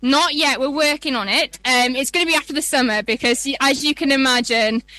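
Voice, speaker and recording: A woman's voice: high-pitched, fairly quick, sharp tone, dry recording. A woman with a Yorkshire accent, a museum guest explaining things in a chatty live radio interview outdoors. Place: outdoor event.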